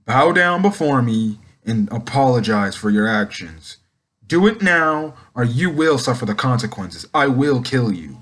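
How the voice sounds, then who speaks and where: A man's voice: medium pitch, big pitch swings, measured pace, a bit bright. A man playing a raging tyrant shogun. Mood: threatening. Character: furious tyrant shogun turning into a giant snake, man.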